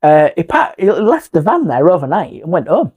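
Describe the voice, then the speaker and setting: A middle-aged man, a guest historian telling a ghost story in an animated, emphatic way. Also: a little high, normal speed, muffled recording, over a noisy crowd. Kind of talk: storytelling in a podcast interview.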